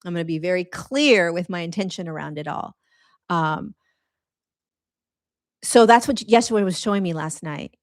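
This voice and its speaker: A middle-aged woman talks earnestly to her followers about spiritual matters, rambling and casual, often restarting her sentences. Her voice sits a little low. The sound is close and dry, with no room around it. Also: expressive, normal speed, pauses often, dry recording. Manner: earnest, rambling, conversational with many restarts and fillers. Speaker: spiritual teacher.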